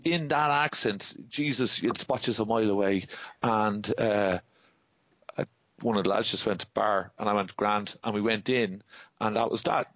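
A man's voice: on the low side, dry recording. Irish male guest, storyteller, dry dull sound, rambling, middle-aged. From Ireland. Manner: rambling anecdotes with many restarts. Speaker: podcast guest. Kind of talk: casual chat, storytelling.

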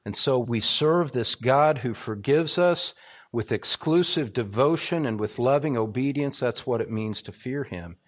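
Older male pastor, earnest evening sermon voice, average pitch, repeats lines for emphasis. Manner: earnest, building to emphatic repetition. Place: church, evening service.

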